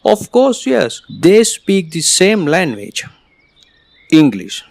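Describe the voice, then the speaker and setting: A man whose first language is Spanish, narrating an English lesson in a lively explanatory tone. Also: high-pitched, takes it slowly, gravelly, no room sound. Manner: lively explanatory tone, slightly non-standard grammar. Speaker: English teacher. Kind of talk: scripted narration.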